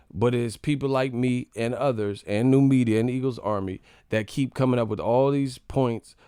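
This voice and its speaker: A man's voice: mid-range voice, a little mellow, clear, resonant tone, dry recording. A man hosting a live boxing stream, talking in a heated, mocking, slang-filled rant and circling back to his points. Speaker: boxing commentary channel host.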